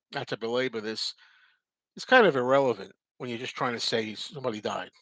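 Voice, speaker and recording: A man's voice: medium pitch, a bit bright. Guy chatting on his stream, repeats himself a lot, rambly, no room echo at all. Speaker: host answering viewer comments. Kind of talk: casual live chat.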